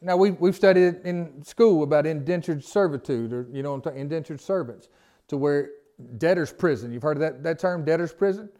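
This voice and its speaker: Leading a conversational Bible study, a man reads scripture aloud and then asks his group questions in informal, folksy language. His voice is on the high side, warm, and moderately paced.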